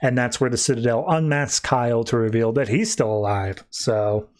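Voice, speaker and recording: A man's voice: medium pitch, moderate pace, a little mellow. Casual man recapping a comic story. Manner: loose, conversational retelling. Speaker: podcast host.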